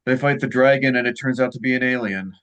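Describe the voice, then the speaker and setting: A man narrating as game master of a tabletop game, calm and descriptive. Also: mid-range voice, quick pace, clean tone.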